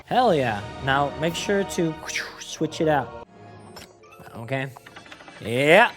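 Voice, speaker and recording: A man's voice: a little high, lively intonation, slow pace, long pauses, music in the background. Chatty young man. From Denmark. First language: Danish. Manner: chatty, joking, swears often, laughs a lot. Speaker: reaction video host. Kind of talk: casual reaction commentary.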